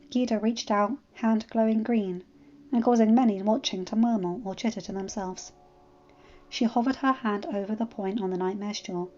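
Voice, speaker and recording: A woman narrating a fan fiction story as a storybook reading, with expressive delivery. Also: mid-range voice. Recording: slightly muffled, faint background music.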